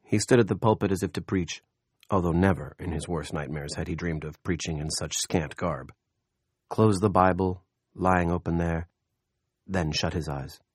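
A man narrating an audiobook in a steady, measured storytelling voice. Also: sits low, slightly rough, no room sound, studio quality. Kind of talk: scripted narration.

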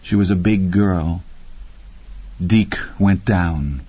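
A man narrating a horror audiobook in a measured, grim, deliberate way. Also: deep voice, dark tone, breathy edge. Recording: dry, slightly muffled studio read.

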